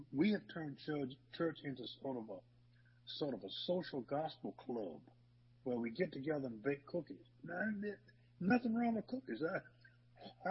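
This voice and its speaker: A husky-voiced male pastor preaches in a folksy, rambling way, stopping and restarting his sentences. His voice rings with the long reverb of a hall. The recording sounds dull and lo-fi. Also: mid-range voice. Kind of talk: sermon with storytelling.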